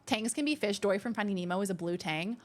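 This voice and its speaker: A woman's voice: medium pitch, animated, fast, faint music behind. A woman streamer chatting casually and thanking viewers in a bubbly, talkative way. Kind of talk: casual live-stream chat.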